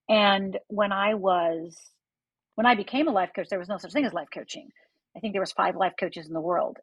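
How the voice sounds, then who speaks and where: A woman's voice: medium pitch, slightly rough, no echo, rough recording. A middle-aged woman, a life coach appearing as a guest, telling her personal story in an earnest, vivid way and speaking straight to the listener. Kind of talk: personal storytelling in a podcast interview.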